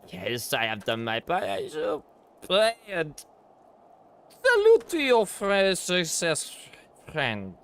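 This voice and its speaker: A man's voice: high-pitched, a bit bright, exaggerated voice. A tipsy Frenchman with a thick put-on French accent, rambling and stumbling over his words, his voice swooping up and down, as a man acts him out. Faint music plays behind.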